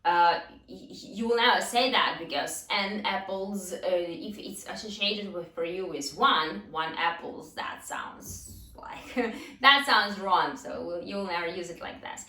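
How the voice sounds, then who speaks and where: Woman teaching grammar, bright voice, echoey room, kinda far from the mic. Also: fairly low pitch. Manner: explains slowly with many fillers and restarts, asks and answers her own questions. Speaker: English teacher. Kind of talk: online grammar lesson.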